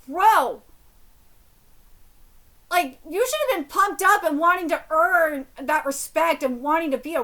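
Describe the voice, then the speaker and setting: A woman streaming a live reaction to a manga, reading panels aloud and yelling at dramatic moments. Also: high-pitched. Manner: excitable, yells at dramatic panels.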